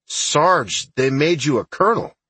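A man voicing a gruff, blunt older army sergeant in an audiobook, with a husky voice. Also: a little high, lively intonation, a little slow, bright, forceful tone, no room sound, pitched above the performer's own voice, full character voice.

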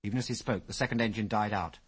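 A man narrating an adventure story as an audiobook, with lively, expressive storytelling. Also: on the low side, fast talker, husky.

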